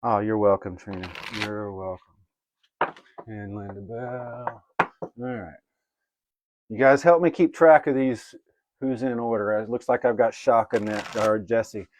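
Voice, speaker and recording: A man's voice: lowish voice, steady tone, a little slow, pauses often, slight background noise. A man giving live oracle card readings to viewers he greets by name, casual and swearing now and then. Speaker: livestream card reader.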